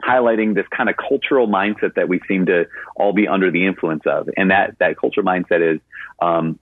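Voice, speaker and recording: A man's voice: low voice, a little fast, no room sound. A man, a Catholic priest, answering a caller on a radio show and telling stories in a conversational way, with many fillers. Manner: conversational storytelling with frequent fillers. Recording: narrowband radio broadcast sound.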